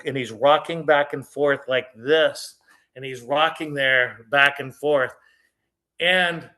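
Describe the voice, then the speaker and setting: A middle-aged man from Texas telling personal stories in a casual, jokey way, speeding up for asides and slowing for reflective lines. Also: medium pitch. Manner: animated, jokey, shifts between quick asides and slow reflective lines. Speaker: storyteller on a faith show. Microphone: video call.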